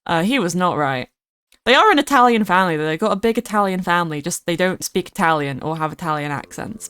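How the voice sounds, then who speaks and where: A woman livestreams her gameplay in a casual, rambling chat, stopping often to greet viewers by name. Her voice is smooth and clear, and it sounds close and dry, with no room echo. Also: on the low side, a bit bright. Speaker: streamer.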